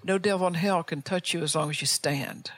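An older woman preaches a fervent sermon toward an altar call, firing off rhetorical questions and often restarting or repeating her words. Her voice is on the low side, brisk and a bit bright, with no echo.

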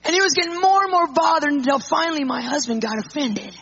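A woman speaker telling an animated personal testimony to an audience, acting out the people in it. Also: high-pitched, fast. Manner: animated storyteller, acts out quotes. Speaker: Christian speaker. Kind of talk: storytelling testimony. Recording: muffled lo-fi recording.

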